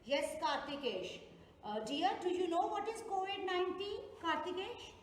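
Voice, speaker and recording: A woman teaching young children over a video call, speaking with a South Asian English accent, encouraging them and repeating her questions slowly. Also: very high voice, very animated. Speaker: online class teacher. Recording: echoey roomy video-call audio, faint noise.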